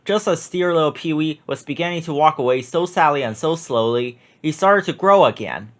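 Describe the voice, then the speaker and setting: A man reading a children's picture book aloud with expressive, drawn-out emphasis. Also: a little high.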